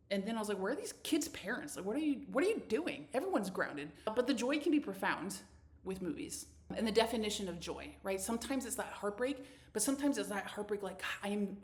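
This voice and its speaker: Animated woman hosting a solo podcast. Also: a little high. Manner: animated, effusive, frequent restarts and stammers. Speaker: podcast host. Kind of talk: casual solo podcast monologue.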